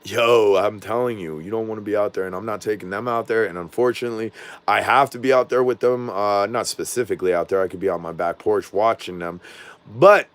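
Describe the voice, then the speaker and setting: A man's voice: on the low side, steady tone, a little fast. A man casually vlogging from his home, rambling and losing his train of thought, with a slangy way of talking and a voice he says is off. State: says his voice is not normal. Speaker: drone vlogger. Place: at home indoors.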